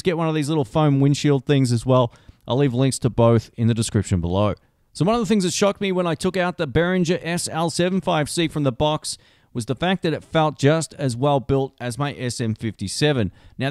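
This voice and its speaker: A man talks through gear in a relaxed, chatty way, adding friendly asides as he explains. He speaks close into a handheld dynamic microphone, and the sound is dry with little room behind it. His pitch sits at a middling, ordinary level. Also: no room sound. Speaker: tech reviewer. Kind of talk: casual review talk.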